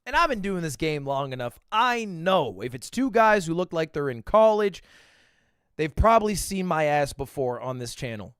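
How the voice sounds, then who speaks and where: A man's voice: fairly high pitch, big pitch swings, normal speed, a bit bright, smooth, no echo, studio quality. A young man, an online creator, telling a casual story with lots of self-mocking energy and frequent swearing.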